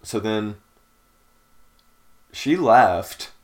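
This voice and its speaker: A young podcast co-host spins a long story in casual chat, a rambling storyteller full of fillers and restarts. He has a fairly low-pitched voice and speaks very slowly.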